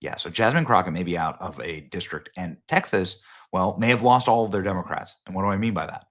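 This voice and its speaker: Deep-voiced man mocking his targets. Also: a little fast. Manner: mocking, sarcastic, animated. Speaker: political commentary host. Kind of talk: casual political commentary.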